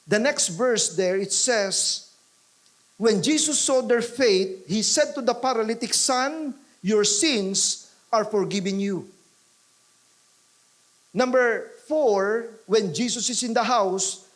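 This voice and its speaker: A man's voice: high-pitched, takes it slowly. A Filipino man preaching a sermon in church, emphatic and repeating key lines for effect, slipping into Tagalog now and then. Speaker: pastor.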